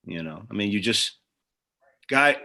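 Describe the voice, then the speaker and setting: A middle-aged man, an actor and producer, speaks in a lowish voice at a measured pace. He's a guest in a casual interview, telling animated stories and acting out the people in them.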